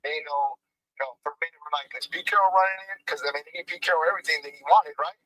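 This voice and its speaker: A man calling in to a live fan show, rambling quickly with many fillers. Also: a little high, steady tone, fairly bright tone, no echo, poor audio. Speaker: call-in guest. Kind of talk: casual live chat. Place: at work.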